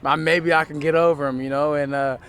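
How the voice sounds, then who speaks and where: A teenage high school football player answering questions in a relaxed way, rambling with lots of fillers, outdoors at a field. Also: male voice, brisk. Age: teens. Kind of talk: casual interview.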